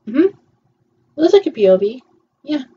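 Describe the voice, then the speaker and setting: A woman's voice: high voice, very animated, measured pace, dark tone, lo-fi sound. A woman casually commenting while she watches a film, often murmuring agreement between her remarks. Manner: chatty, with frequent murmured agreements. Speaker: viewer reacting to a film.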